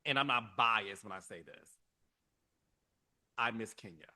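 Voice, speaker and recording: A middle-aged man hosting a podcast, giving casual, emotional commentary with dramatic pitch swings. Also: animated, a little slow, bright, forceful tone. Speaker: podcast host.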